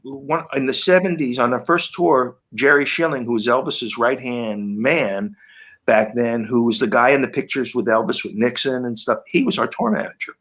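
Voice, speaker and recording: A man's voice: mid-range voice, normal speed. An older man, a guitarist guest, telling anecdotes in a casual interview and acting out the people he quotes. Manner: animated anecdote-telling, quoting people in lively voices.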